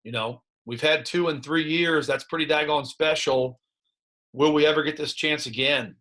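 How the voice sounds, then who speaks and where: A man in his thirties with a Midwestern American accent speaks with a bright, forward voice. He is a high school football coach looking back in an interview, halting and candid, full of restarts and fillers. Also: steady tone. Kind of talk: reflective interview talk.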